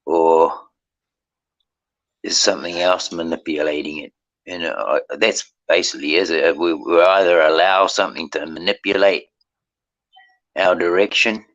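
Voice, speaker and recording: A man's voice: low-pitched, fairly even intonation, measured pace, pauses often, a bit bright. A man talking casually on a stream, rambling and restarting as he thinks aloud. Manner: rambling, restarts often, reflective. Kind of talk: casual chat. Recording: dull lo-fi stream audio.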